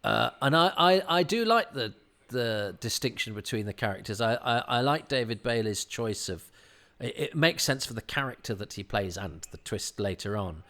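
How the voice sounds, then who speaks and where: Male commentator, mid-pitched, chatty and halting, acts out quotes, relaxed fan commentary. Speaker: commentator on a classic TV serial. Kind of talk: casual commentary chat.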